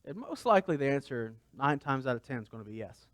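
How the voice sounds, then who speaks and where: A man's voice: medium pitch, very animated, fast talker, no echo. A man pastor giving a conversational sermon, asking the congregation rhetorical questions.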